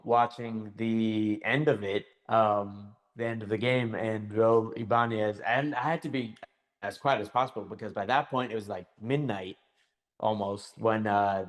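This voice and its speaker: A man's voice: lowish voice, fairly even intonation, normal speed. A man co-hosting a podcast in casual chat, carefully recalling details as he talks. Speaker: podcast co-host.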